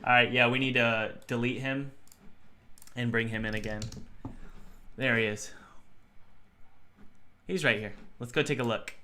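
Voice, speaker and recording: A man's voice: medium pitch, fairly even intonation, a little slow, long pauses, bright, forceful tone. A young man live-streaming game development, talking to himself and his chat as he works. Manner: self-talking, thinks aloud, chatty with chat. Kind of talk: casual live-stream talk while working.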